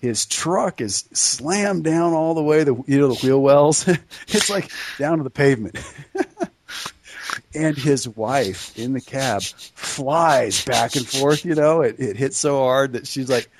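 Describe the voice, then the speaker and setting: A man casually telling a funny story on a podcast, animated and laughing between lines. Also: medium pitch, slow, slight background noise. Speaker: podcast co-host.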